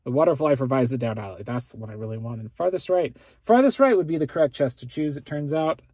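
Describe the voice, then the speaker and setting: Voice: mid-range voice, lively intonation, fast, darkish tone, slightly rough, no room sound. A let's play gamer giving casual, rambling commentary on their gameplay and often correcting themselves. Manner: rambling, self-correcting, chatty.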